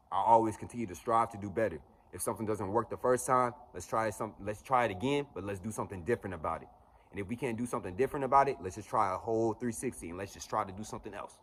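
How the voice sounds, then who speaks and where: A man in his twenties giving a blunt, profane motivational monologue as a vlogger. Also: lowish voice. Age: 20s. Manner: blunt, profane, preachy pep talk.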